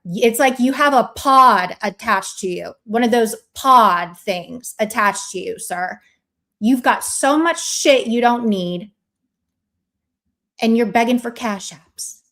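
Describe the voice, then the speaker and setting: A woman on a livestream ranting in a scornful, sarcastic way at someone who let her viewers down. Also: medium pitch. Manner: scornful, sarcastic, drawn-out delivery. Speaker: streamer. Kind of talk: mocking livestream rant.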